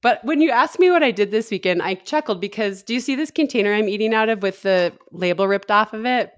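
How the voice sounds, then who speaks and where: Woman, 30s, podcast co-host; chatty storyteller, mid-pitched, laughs easily. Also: animated, fast. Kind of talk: casual chat.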